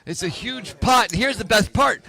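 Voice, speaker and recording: A man giving lively live play-by-play commentary on a poker tournament, explaining the odds straight to viewers. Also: high-pitched, normal speed, creaky.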